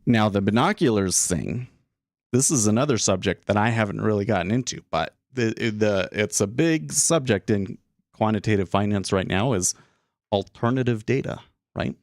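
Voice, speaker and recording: A man's voice: lowish voice, animated, normal speed, no echo, studio quality. A man hosting a day trading livestream, talking casually and thinking aloud with many restarts, a little out of breath. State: slightly out of breath. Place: small closed room.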